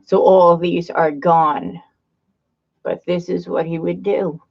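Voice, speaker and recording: A woman's voice: lowish voice, steady tone, slow pace, vocal fry, muffled recording. A woman hosting a commentary video, reacting with sarcastic disbelief to a played clip. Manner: sarcastic, incredulous. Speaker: commentary channel host. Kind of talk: mocking commentary.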